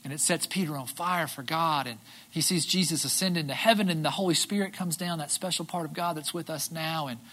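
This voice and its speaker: Brief: an easygoing, bright-toned preacher, animated storytelling with frequent "right?". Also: mid-range voice, a little fast. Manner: casual, animated retelling with acted-out quotes and filler "right?". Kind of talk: sermon.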